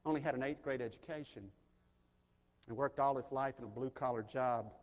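A middle-aged pastor from Mississippi, preaching an earnest, personal sermon that swells in intensity. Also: male voice, medium pitch, fairly quick, a little mellow, dull audio. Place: large chapel. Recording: chapel recording with long reverb.

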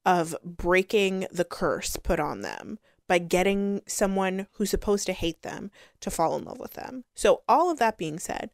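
A woman's voice: fairly low pitch, a little slow, hardly any pauses, no room sound, studio quality. Sarcastic woman ranting a book review. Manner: sarcastic, exasperated, animated. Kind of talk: casual rant review.

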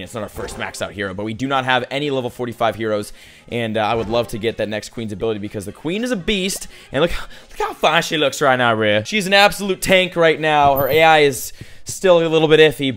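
A young man commentating his mobile strategy game play as a YouTuber, excitable and prone to hype shouts. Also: medium pitch. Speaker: gaming YouTuber.

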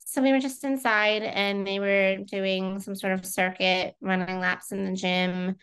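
Thirtysomething woman, interview guest, smooth clear voice, chatty, lots of ums and likes. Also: medium pitch, flat delivery, a little slow, a bit bright. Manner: chatty storytelling with frequent fillers. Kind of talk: casual conversational interview.

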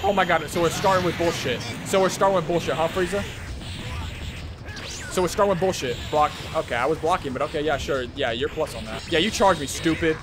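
A young man streaming a fighting game, commenting live with excitable, profane trash talk. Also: fairly high pitch, a little fast. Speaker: gaming streamer. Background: game music.

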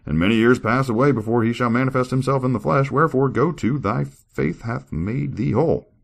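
A man voicing God in slow, grand pronouncements. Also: mid-range voice, gravelly, voice pushed up. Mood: solemn. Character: solemn booming male deity.

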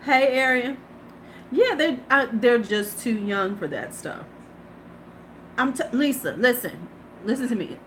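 A woman's voice: fairly high pitch, expressive, measured pace, pauses often, fairly bright tone, slight background noise. A woman in her fifties, a beauty vlogger hosting a live stream, chatting casually, laughing and greeting her viewers. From United States.

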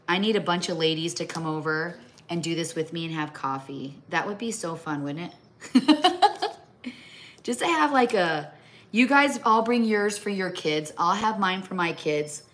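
A middle-aged Midwestern woman chats on a home livestream while her hands are busy with a craft. Her voice sits on the low side, and she rambles and trails off into asides. A faint hum of room noise stays under her speech. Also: fairly bright tone. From American Midwest. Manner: chatty, rambling, talks to her pets mid-sentence. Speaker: livestream host. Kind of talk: casual chat while crafting. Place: home kitchen or craft table.

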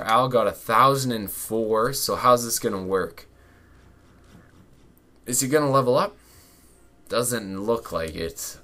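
A young man giving casual commentary over a soccer video game he is playing, loose and chatty, bursting into shouts and laughs at close plays. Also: fairly low pitch. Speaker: gaming channel host.

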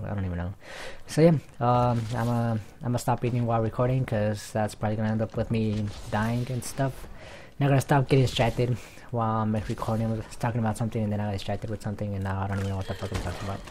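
A young man giving casual commentary over his gameplay, rambling and easily distracted, with sudden excited outbursts. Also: on the low side, fast, slight background noise. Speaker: gaming YouTuber. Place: home room in front of TV.

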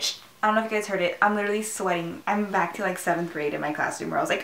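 Excitable young woman in an echoey room. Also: mid-range voice, fast, creaky, few pauses, slight background noise. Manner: rambling, excitable, easily spooked, lots of "um" and "like". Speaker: vlogger. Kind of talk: casual chat to camera. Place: small room indoors, seated at a laptop.

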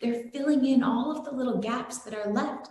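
A woman's voice: fairly high pitch, normal speed, a little mellow, pitched above the performer's own voice, close to an everyday voice. A woman telling the part of a tender divine hero rebuking. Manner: stern yet tender rebuke. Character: loving divine male hero, gently rebuking. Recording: very echoey room.

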